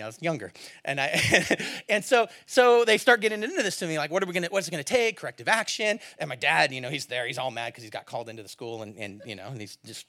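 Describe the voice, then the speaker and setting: A man preaching a sermon to a congregation, telling a personal story and building to loud, animated calls to the listeners. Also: medium pitch. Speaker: pastor.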